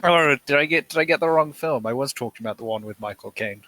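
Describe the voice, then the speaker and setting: A man's voice: medium pitch, fast, sharp tone, no echo, rough recording. A young man co-hosting a movie podcast, easygoing and chuckling as he talks. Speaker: podcast co-host. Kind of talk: casual movie review chat.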